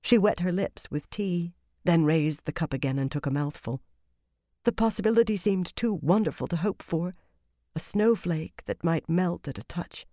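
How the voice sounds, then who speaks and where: An audiobook narrator reading a fantasy novel in a measured, expressive way. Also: medium pitch, no room sound, studio quality.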